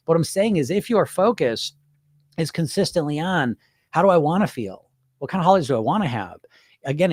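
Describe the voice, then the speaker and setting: A man with a fairly high voice, recorded clean in a studio with no echo, hosts a live stream as a hypnotherapist. He chats casually with viewers in an informal way, swearing freely and laughing often.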